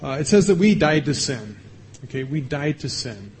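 Man, sermon, slightly high voice, chatty, asks the congregation questions, faint room hum. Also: sing-song, moderate pace, a little mellow. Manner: conversational, asks the audience questions; acts out little voices for illustration. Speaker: pastor.

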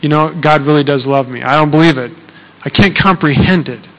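A man's voice: on the high side, brisk, a bit bright, in a large hall, highs cut off. A man preaching a sermon in a conversational way, often checking in with "okay?" and using fillers. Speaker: pastor.

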